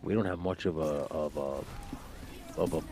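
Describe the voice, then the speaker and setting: A man's voice: rumbling low, fairly even intonation, moderate pace, background noise. A young man chatting casually on a gaming stream, dropping dry, teasing remarks.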